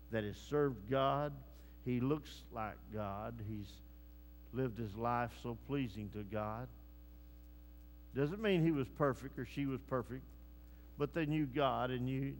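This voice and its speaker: Hall-echoing preacher, man, slow delivery. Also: mid-range voice, slight background noise. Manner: swings from hushed to loud preaching. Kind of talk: sermon. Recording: long hall reverb.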